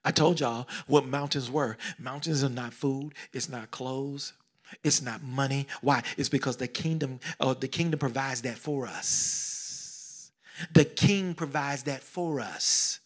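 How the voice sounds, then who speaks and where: A middle-aged man preaching a sermon, swinging between loud exclamations and hushed whispers, repeating phrases and calling out questions to the congregation. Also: mid-range voice, a little slow. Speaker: pastor.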